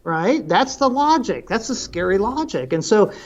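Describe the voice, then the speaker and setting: A man's voice: high-pitched, sing-song, normal speed, muffled recording. A middle-aged man, a parenting expert, telling earnest stories in a podcast interview and often repeating words for emphasis.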